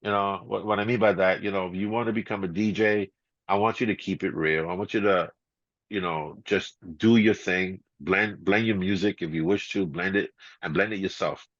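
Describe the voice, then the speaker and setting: A middle-aged man, a guest DJ, telling stories in a casual interview, laid-back and quick to laugh, full of "you know" and "man". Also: sits low, fairly even intonation, fairly bright tone, no echo. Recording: slightly dull, muffled audio.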